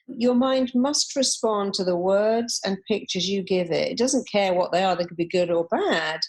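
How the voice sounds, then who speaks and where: A woman's voice: mid-range voice, moderate pace, few pauses, slightly rough. A woman, a therapist guest in an interview, telling stories and acting out the voices of people she quotes. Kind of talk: conversational interview.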